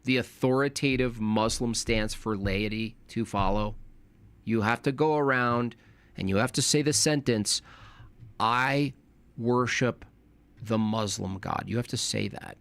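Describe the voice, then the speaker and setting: Young male streamer, mid-pitch, loose rambling chat full of restarts and slang. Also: normal speed, a bit bright, smooth, no echo. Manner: rambling, self-correcting, informal slang. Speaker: live streamer. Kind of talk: casual live-stream commentary.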